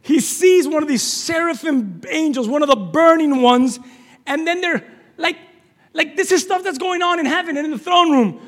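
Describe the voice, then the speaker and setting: A man preaching a sermon, shouting at times and then dropping to a hushed, low delivery. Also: normal speed. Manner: shouting, dramatic swings from loud to hushed. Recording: long reverb of a large hall.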